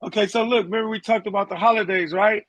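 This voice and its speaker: A doctor on a radio panel presenting survey figures to the host. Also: male voice, high voice, steady tone, fast talker, fairly bright tone, no room sound. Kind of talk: casual radio panel talk.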